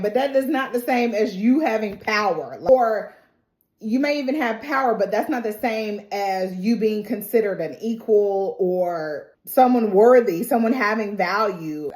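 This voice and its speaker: Woman doing a chatty tv recap, lively and playful, bit of room echo. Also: medium pitch. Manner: animated storytelling, playful and emphatic. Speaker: TV reaction host. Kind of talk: casual episode recap and reaction. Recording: roomy echo.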